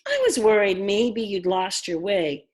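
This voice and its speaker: A woman's voice: medium pitch, expressive, unhurried, a little mellow. A woman voicing a doting mother who coos sweetly over the phone in a storybook reading. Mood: cooing. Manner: cooing, sweet.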